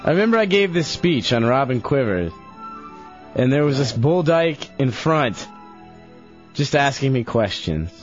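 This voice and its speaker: A man's voice: medium pitch, big pitch swings, unhurried. A young man on a radio show reading his old diary aloud in a sloppy, laughing, drunken-sounding way. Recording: dull lo-fi radio broadcast with faint music.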